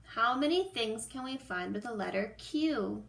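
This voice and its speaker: A woman teaching preschoolers a letter lesson and reading them a story, giving slow, patient instructions. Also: on the high side, expressive, gravelly, a bit bright, roomy sound. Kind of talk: lesson and story read-aloud for young children.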